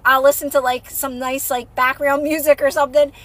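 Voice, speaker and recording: A woman's voice: sits high, level tone, fairly quick, fairly bright tone, no room sound. A young adult woman hosting a casual livestream chat on a phone mic, talking to viewers in a chatty, reassuring way with many fillers and repeats. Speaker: livestream host, manifestation coach.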